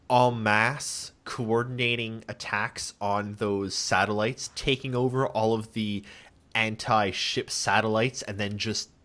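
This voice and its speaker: A man hosting a casual podcast over an online voice call, relaxed and reading out listener questions. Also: fairly low pitch. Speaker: podcast host. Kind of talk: casual chat.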